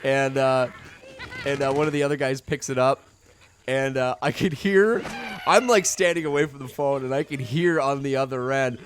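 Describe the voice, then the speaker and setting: A man's voice: mid-range voice, normal speed, slight background noise. A man telling a story in casual let's-play commentary, rambling with many fillers. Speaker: video game commentator.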